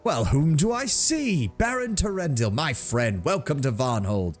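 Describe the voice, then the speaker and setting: A man's voice: a little high, big pitch swings, measured pace, soft background music, pitched above the performer's own voice. A man voicing a jovial, burly frontier lord who is friendly and shrewd, speaking in a hearty, talkative way.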